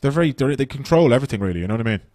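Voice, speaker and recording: Fast-talking Irish man doing stand-up. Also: mid-range voice, no echo. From Ireland. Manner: chatty, swearing, animated storytelling. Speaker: stand-up comedian. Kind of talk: stand-up comedy set. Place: comedy club stage with audience.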